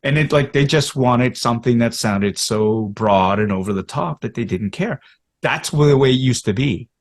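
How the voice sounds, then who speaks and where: A man's voice: mid-range voice, normal speed. A man in his fifties, a podcast guest and actor from Canada, telling candid stories about his career and acting out voices and inner thoughts as he goes. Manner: animated, acts out quotes and inner thoughts. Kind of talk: candid conversational storytelling.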